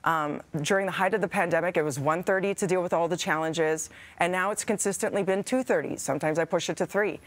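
Speaking fast with hardly any pauses, a fairly low-pitched woman gives a heartfelt farewell to viewers as co-host of a morning TV show. She's warm and fighting back tears in the TV studio during this emotional on-air goodbye.

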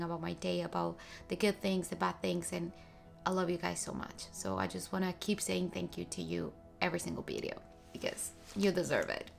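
A woman's voice: fairly low pitch, gravelly. A woman in her twenties talking to camera in a casual vlog, chatty and emotional, gushing with thanks. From moved to the US as a teen. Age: 20s. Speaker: vlogger.

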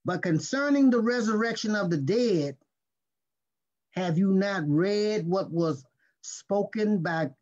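A male pastor gives a sermon, reading scripture and explaining it with deliberate stress on key words. His voice sits high, and he takes his time over each phrase. The recording is dull and lo-fi. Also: expressive, a little mellow. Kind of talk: sermon teaching.

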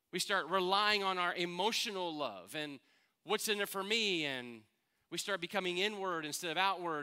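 Bright-voiced man preaching earnestly. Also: high voice, clear, resonant tone. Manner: earnest, conversational preaching with rhetorical questions. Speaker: pastor. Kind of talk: sermon.

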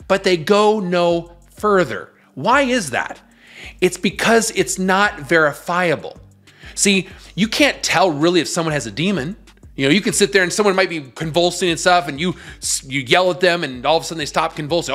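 A male host delivering preaching-style commentary with emphatic, scornful force. His voice sits a little higher than most men's, and faint music plays under it. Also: lively intonation, normal speed, a bit bright.

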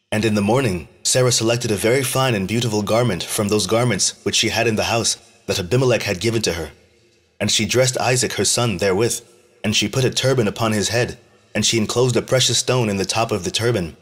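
A man reads an ancient religious text aloud at a steady, measured pace. His voice sits low with a husky grain. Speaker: scripture reader. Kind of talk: scripted reading of an ancient text.

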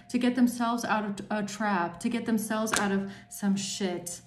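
A woman's voice: medium pitch, a little slow, reverberant, noisy background. A woman doing a tarot reading for her viewers, angry and emphatic, swearing often. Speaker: tarot reader.

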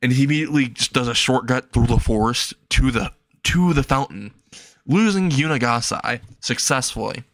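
A man's voice: medium pitch, normal speed, fairly bright tone, no room sound. Casual man narrating a fan story. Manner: casual, laughs at own jokes, repetitive fillers.

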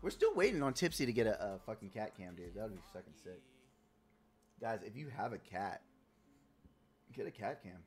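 A man live-streaming a game, talking casually with his chat in a loud, profane, playful way. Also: lowish voice, sing-song, normal speed, long pauses. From Puerto Rico.

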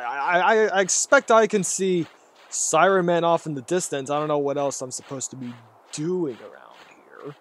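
Jittery man playing a horror game. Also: on the high side. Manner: rambling, jittery, talks to himself. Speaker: gaming YouTuber. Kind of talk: horror game let's play commentary.

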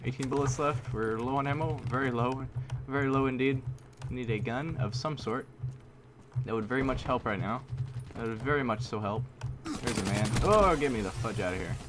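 A man giving live commentary over his own gameplay, excitable, repeating himself and using mild minced oaths. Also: mid-range voice, normal speed, noisy background. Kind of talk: live video game commentary. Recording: loud game gunfire under voice. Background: gunfire and shooting game sounds.

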